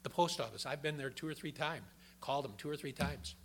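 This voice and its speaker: Gravelly older man preaching folksy. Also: on the high side, brisk, fairly bright tone, a little hiss or hum. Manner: folksy, conversational preaching with personal stories. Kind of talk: sermon.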